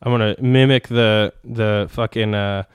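A man's voice: fairly low pitch, steady tone, unhurried, smooth, dry recording, clean studio sound. A man hosting a podcast, telling rambling, foul-mouthed stories in casual chat. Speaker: podcast host.

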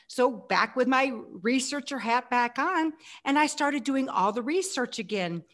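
A woman in her sixties telling her life story as an interview guest, animated and acting out her past self. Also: high voice, unhurried, few pauses. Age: 60s.

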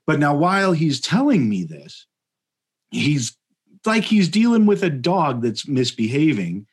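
Husky-voiced man telling a rambling story. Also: a little high, unhurried. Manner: animated, rambling, laughs mid-sentence, many fillers. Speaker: podcast guest telling a story. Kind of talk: casual comedic storytelling.

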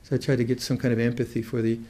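With a mid-range, mellow voice, an older meditation teacher works through his ideas out loud in an easygoing manner. His delivery is thoughtful and halting, full of restarted phrases, before each point settles, much like a slow-paced dharma talk.

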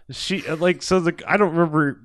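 A man's voice: a little high, moderate pace, a bit bright, smooth, dry recording. A man on a podcast recapping a movie in casual chat, rambling, swearing often and laughing as he retells scenes. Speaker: podcast co-host.

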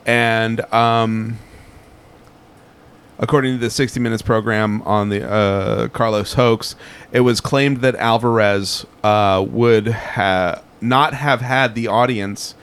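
A man's voice: fairly low pitch, steady tone, takes it slowly, a bit bright, smooth. A man telling a story in casual podcast chat, rambling and full of fillers like "like" and "um". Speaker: podcast co-host.

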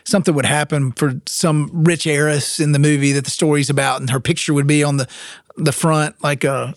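Storytelling man, slightly high voice. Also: steady tone, brisk, dry recording, clean studio sound. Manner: rambling storyteller. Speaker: podcast co-host. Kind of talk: casual chat.

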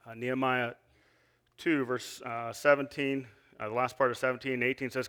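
A man's voice: mid-range voice, little pitch movement, fairly quick, fairly bright tone. A man giving an earnest sermon, reading scripture and asking the listeners questions, with frequent restarts. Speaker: lay preacher.

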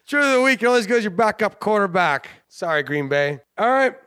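A man's voice: high-pitched, sing-song, a little fast, bright, forceful tone, smooth, dry recording, studio quality. A man hosting a sports show, rambling and joking in casual commentary, often laughing. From Canada. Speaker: sports podcast host.

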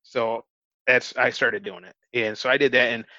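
A man's voice: mid-range voice, steady tone, normal speed, sharp tone, no echo. A man, an interview guest, telling a story in casual, earnest talk, often restarting his phrases. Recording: dull, dry lo-fi recording.

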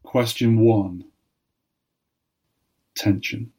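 A man hosting a playful quiz, teasing and deadpan. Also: fairly low pitch, drawn-out words, breathy edge. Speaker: podcast co-host, quizmaster.

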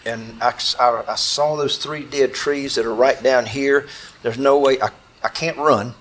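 A man tells a gripping personal story to a small audience seated with him, his mid-range voice steady and a bit bright. Reliving the events, he is halting and intense, often stumbling and repeating words.

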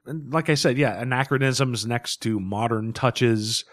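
A man co-hosting a relaxed comic book discussion, animated and quick to laugh. His voice sits in an ordinary middle register and comes across dry and close, with no room around it. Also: medium pitch, no room sound. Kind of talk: casual comic book review chat.

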